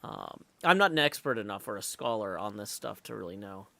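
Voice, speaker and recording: A man's voice: on the low side, animated, fairly quick, vocal fry, sharp tone, no room sound. A man live streaming while he plays, chatting casually and thinking aloud with lots of fillers, and greeting viewers in the chat.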